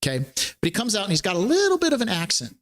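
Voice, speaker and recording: Male host, slightly high voice, casual political commentary, animated storytelling. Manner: animated storytelling, quick asides. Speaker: show host.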